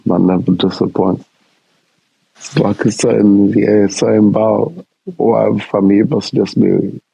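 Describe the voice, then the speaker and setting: A young man who drawls slowly in a deep, very gravelly voice. His tone is dark and husky, with a dry, close sound. He speaks in a laid-back, slangy way during a casual podcast chat. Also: dry recording, low-quality recording. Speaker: podcast co-host.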